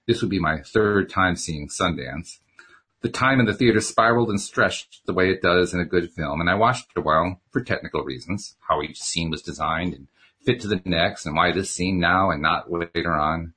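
A man's voice: low voice, pushed and bright, husky. A man reading a novel aloud chapter by chapter, breaking off for chatty asides. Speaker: reader.

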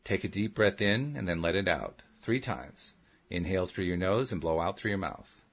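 A man reading a soft-spoken gentle counselor. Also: sits low. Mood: soothing. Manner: soft, slow, soothing instructions. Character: gentle adult female counselor, calm and patient. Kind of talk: audiobook character reading.

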